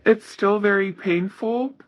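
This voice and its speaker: A woman giving a casual tarot reading, reading card messages aloud in a soft, hesitant way with many fillers. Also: medium pitch, unhurried, lo-fi sound, slight background noise. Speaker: tarot reader.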